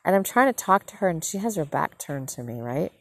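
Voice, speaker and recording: Low, gravelly-voiced woman telling a story. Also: a little fast. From northern United States. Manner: rambling, self-correcting, animated retelling. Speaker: podcast host and mother. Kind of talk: casual storytelling monologue.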